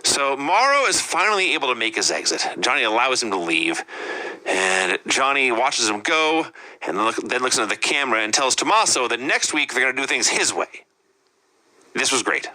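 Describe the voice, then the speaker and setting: A man's voice: medium pitch, very animated, normal speed, pushed and bright, rough recording. A man co-hosting a wrestling review show, recapping events in a wry, casual way. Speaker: podcast co-host.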